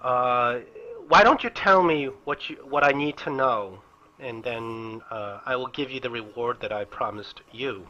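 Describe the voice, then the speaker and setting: A man's voice: medium pitch, unhurried, sharp tone, highs cut off. A man voicing an earnest, secretive female priestess in a tabletop game, with a lilting voice that rises on exclamations.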